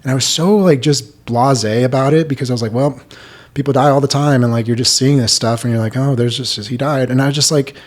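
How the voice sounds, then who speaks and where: A man's voice: medium pitch, fairly even intonation, fast. A man in his thirties, a podcast host, candidly telling a personal story in an earnest, rambling way full of "like". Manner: earnest, rambling, heavy use of "like".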